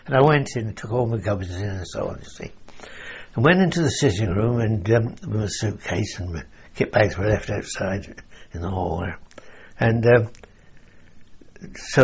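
A man's voice: on the low side, vocal fry, slightly rough. An older man from England, telling wartime memories in a rambling oral-history interview, chuckling and saying "you see" as he goes. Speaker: veteran interviewee. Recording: dull lo-fi recording.

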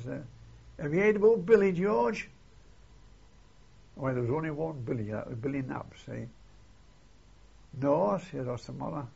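Older man, oral history interviewee, rambling storyteller, husky and creaky, lo-fi tape sound. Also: mid-range voice, a little mellow. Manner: rambling, keeps adding "see?" and "eh?". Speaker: interviewee recalling war memories.

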